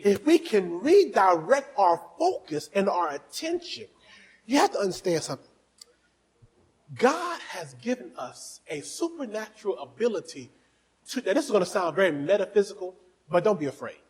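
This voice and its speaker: A male pastor preaching a fervent sermon, dropping to soft asides and then rising to shouting as he urges on the congregation. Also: high voice, sing-song, moderate pace, husky, low-quality recording. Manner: exhorting the congregation.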